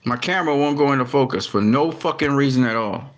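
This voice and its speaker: A man's voice: mid-range voice, quick pace. A man talking casually to his camera about boxing, often frustrated and swearing, with lots of restarts and fillers. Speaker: boxing commentary vlogger.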